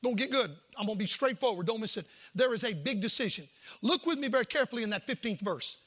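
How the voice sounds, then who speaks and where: A man's voice: high-pitched, expressive, fast talker, fairly bright tone. A man preaching a folksy, emphatic sermon, with jokes and asides to the congregation. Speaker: pastor.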